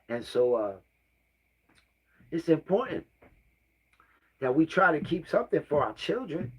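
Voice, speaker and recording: A middle-aged man hosting a casual livestream. He talks in a rambling, heartfelt way and sometimes drops into soft asides. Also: fairly high pitch, very animated, a little slow, pauses often, slightly rough. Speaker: livestream host.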